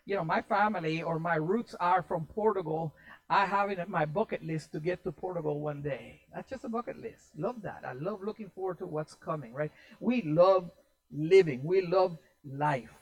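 A pastor giving a sermon in an animated, conversational way, repeating key phrases to drive them home. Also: medium pitch, normal speed, poor audio.

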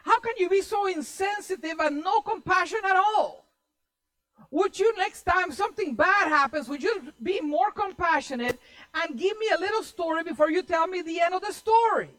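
An indignant wife who scolds her husband for his lack of compassion, as a preacher puts her on. The voice rises well above the speaker's usual pitch and stays loud and exasperated. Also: expressive, normal speed, rough recording. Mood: exasperated scolding.

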